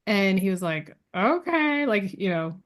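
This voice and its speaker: A woman's voice: medium pitch, moderate pace. Chatty woman telling a personal story. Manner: lively storyteller who acts out quoted dialogue; frequent fillers and restarts, laughs between lines. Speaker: podcast guest. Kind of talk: casual interview storytelling.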